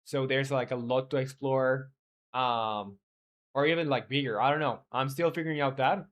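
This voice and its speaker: A man chatting through a live stream while he builds a game, rambling loosely and stopping often on fillers. He reads viewers' messages out and answers them in the same easy way. His voice sits at a middling pitch. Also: normal speed, a bit bright. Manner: rambling, reads chat aloud, many fillers. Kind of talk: casual live-stream chat.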